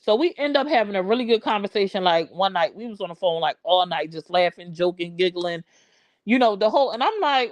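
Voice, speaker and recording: A woman's voice: mid-range voice, lively intonation, normal speed, no echo. A woman in her forties tells a personal story casually on a live stream, full of slang and greeting viewers mid-story.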